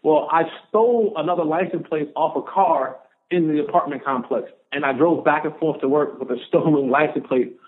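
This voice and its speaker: A man tells a long personal story in an interview with lively energy, acting out every exchange he quotes. His voice sits a little high for a man. The sound is thin and narrow, like a phone line. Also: normal speed. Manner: animated storyteller, acts out quoted dialogue. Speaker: podcast guest, former pro football player.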